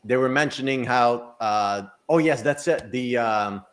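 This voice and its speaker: A man's voice: mid-range voice, unhurried. A man co-hosting a casual chat show, rambling and breaking off mid-sentence. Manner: rambling, self-interrupting, laughs at own jokes. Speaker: psychic co-host.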